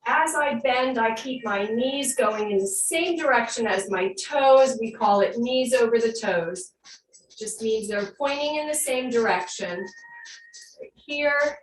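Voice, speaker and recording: Woman fitness instructor, unhurried soothing cues, slightly off-mic in a roomy space with a faint hum. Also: a little high, distant mic. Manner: calm guiding cues, then slow soothing breath work. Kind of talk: live online fitness class instruction.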